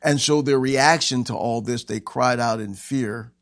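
A man preaching a sermon as pastor, animated and acting out the scenes he tells. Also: medium pitch, measured pace, no room sound, clean studio sound. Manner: animated, acts out scenes with shouting voices.

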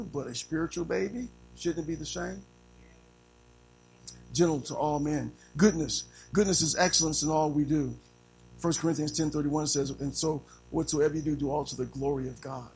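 High-voiced preacher, animated. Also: male voice, moderate pace, soft background music, poor audio. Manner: animated, call-and-response preaching, acts out little scenes. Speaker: pastor. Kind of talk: sermon.

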